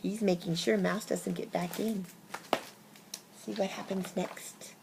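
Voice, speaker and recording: A woman reading a picture book aloud to children, expressive and pausing to ask her listeners questions. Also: medium pitch, vocal fry, a little hiss or hum. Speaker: storybook reader.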